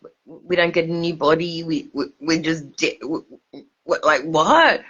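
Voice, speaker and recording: Drunk woman, low voice, swearing, stumbling repetitions, dull lo-fi phone audio. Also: fairly even intonation, measured pace, fairly bright tone, slightly rough. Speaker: livestreamer. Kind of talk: rambling drunk livestream.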